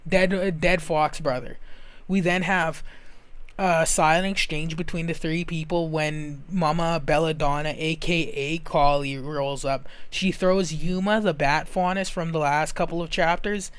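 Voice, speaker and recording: A man's voice: a little high, fairly even intonation, a little slow, fairly bright tone, smooth, no echo. A man casually recapping and reviewing a show episode, rambling and correcting himself as he goes. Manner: rambling, self-correcting, recounts scenes.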